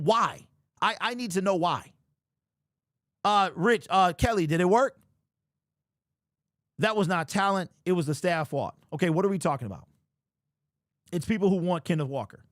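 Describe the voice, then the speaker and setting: Big pitch swings mark the high voice of a young sports show host ranting on a livestream at normal speed. Exasperated and in disbelief, he repeats himself while reading viewer super chats. The recording is dry and studio quality.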